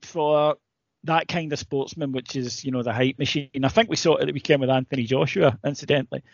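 A man's voice: medium pitch, steady tone, brisk, creaky, no room sound. A Scottish man from Ayrshire, co-hosting a podcast in casual chat, rambling along with wry asides. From Ayrshire, Scotland. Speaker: podcast co-host. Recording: dull lo-fi sound, dry.

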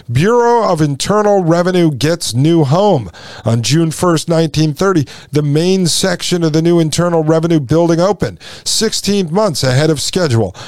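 A man hosts a commentary podcast, reading out passages and tearing into them with sarcasm. His voice is gravelly and a little high for a man. It is recorded dry and close. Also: darkish tone, no echo. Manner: sarcastic, ranting, reads excerpts then mocks them. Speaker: podcast host. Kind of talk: political commentary monologue.

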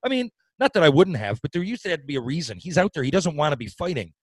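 A man's voice: a little high, rapid-fire, husky, dry recording, poor audio. Profane storytelling man, dry sound. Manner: animated, profane, swears freely. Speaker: retired hockey player, podcast guest storyteller. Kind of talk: casual storytelling chat.

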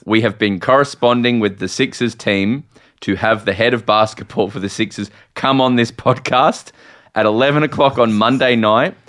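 An Australian man hosting a podcast, telling a story in an excitable, rambling, self-mocking way. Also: mid-range voice, normal speed. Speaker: podcast host. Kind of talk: casual podcast chat.

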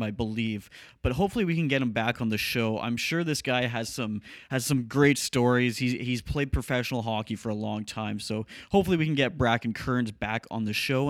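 A man's voice: medium pitch, no echo, clean studio sound. A man hosting a podcast, introducing segments in a casual, chatty way. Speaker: podcast host.

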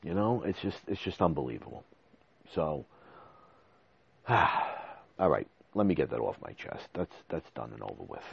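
A man's voice: very deep voice, big pitch swings, unhurried, gravelly, long pauses, breathy edge, muffled recording. A man in his forties hosting a podcast, talking to listeners in an emotional, rambling way and restarting his words. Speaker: podcast host. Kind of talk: casual monologue. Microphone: desk microphone.

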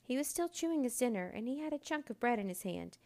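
A woman reading a children's book aloud in a measured storytelling manner. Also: a little high, animated, warm tone. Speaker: narrator.

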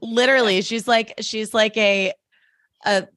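A woman's voice: fairly high pitch, fairly even intonation, measured pace, a bit bright, dry recording, clean studio sound. A young woman co-hosting a podcast, recapping a TV episode casually, full of "like" and swearing. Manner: chatty, peppered with "like", swears freely. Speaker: podcast co-host.

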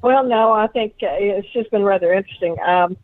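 Brief: male panelist, high voice, mild and matter-of-fact, tinny dry phone sound. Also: a little fast, dry recording. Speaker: panel member.

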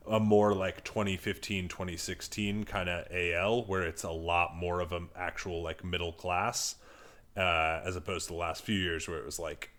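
A man co-hosting a casual sports podcast, rambling with lots of hedges and filler words. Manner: rambling, hedging with fillers, jumps in pitch when excited. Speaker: podcast co-host.

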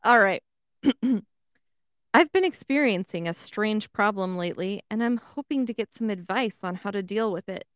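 A woman co-hosting a podcast, reading a letter aloud at a steady pace. Her voice moves freely up and down. The sound is dry and close. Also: medium pitch, a little fast, few pauses, clean tone, dry recording. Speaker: podcast co-host. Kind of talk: casual chat and reading aloud.

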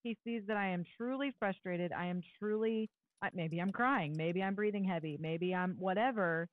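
A woman's voice: mid-range voice, moderate pace. Woman host on a thin phone-like line. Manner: relaxed, thoughtful, with soft affirmations. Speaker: podcast host. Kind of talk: casual parenting chat. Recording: dry, phone-like remote line.

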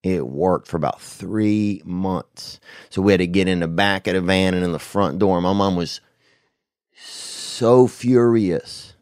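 Low voiced dude rambling funny stories, lots of slang and cussing, dry close sound. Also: male voice, moderate pace, few pauses, smooth, no room sound. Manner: profane, animated, slangy. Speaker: podcast host answering listener questions. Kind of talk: rambling comedic storytelling.

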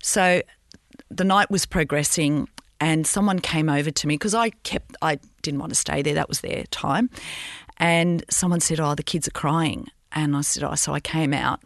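Middle-aged mum telling her story, gravelly voice, halting, dry close sound. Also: sits low, no room sound. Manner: halting, emotional, with frequent restarts. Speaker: bereaved mother, interviewee. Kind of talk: personal storytelling in an interview.

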